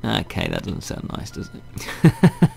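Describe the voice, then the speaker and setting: A man reads a fantasy game aloud and talks through his choices in a wry, chatty way. His voice sits low, with a gravelly grain. Faint game music plays underneath. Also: big pitch swings, slow pace, a little mellow. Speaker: gaming channel host. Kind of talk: reading a game aloud with commentary.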